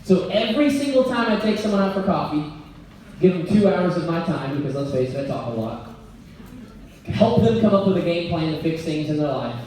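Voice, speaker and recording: A man giving a blunt, energetic motivational talk as a business coach before a live audience, joking and laughing as he goes. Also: a little high, fairly quick, soft background music. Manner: blunt, energetic, jokey, often laughing mid-sentence. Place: event venue before an audience. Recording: very echoey hall, voice picked up from far off.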